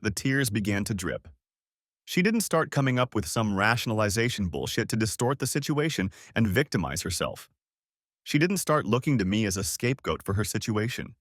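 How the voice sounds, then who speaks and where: A man reading a first-person story as an audiobook, reflective and emotionally expressive. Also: on the low side, no echo, clean studio sound. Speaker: story narrator.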